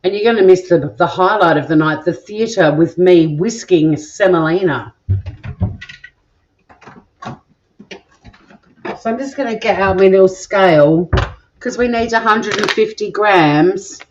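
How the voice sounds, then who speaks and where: A woman's voice: mid-range voice, slow pace, pauses often, highs cut off, a little hiss or hum. A woman chatting casually through a cooking vlog in her home kitchen, rambling and self-deprecating as she goes. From Australia. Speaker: cooking vlogger.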